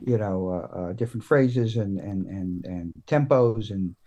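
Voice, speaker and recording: A man, a guest comics writer, talking in a casual podcast interview, halting and full of restarts and fillers. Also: fairly low pitch, mellow.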